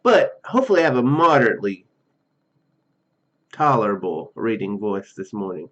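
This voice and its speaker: A man with a slightly froggy, hoarse throat, casually reading and chatting through a text adventure game, rambling with many fillers and restarts. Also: lowish voice, sing-song, moderate pace, long pauses, fairly bright tone, lo-fi sound. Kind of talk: casual let's-play commentary and reading.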